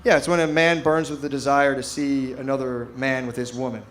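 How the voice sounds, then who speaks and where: Laid-back middle-aged stand-up comedian. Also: male voice, medium pitch, little pitch movement, a little fast, a bit bright. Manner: laid-back rambling storytelling with acted-out quotes. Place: comedy stage before a live audience.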